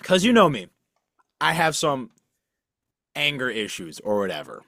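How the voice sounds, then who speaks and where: A man's voice: medium pitch, very animated, unhurried, gravelly, fairly bright tone, dry recording. A young man co-hosting a podcast, talking casually in a rambling, self-deprecating way, with lots of restarts and fillers. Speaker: podcast co-host. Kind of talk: casual chat.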